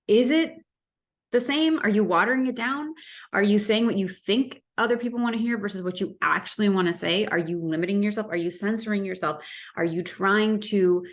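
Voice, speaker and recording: A woman in her thirties giving candid business coaching advice to camera, animated and asking rhetorical questions. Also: fairly low pitch.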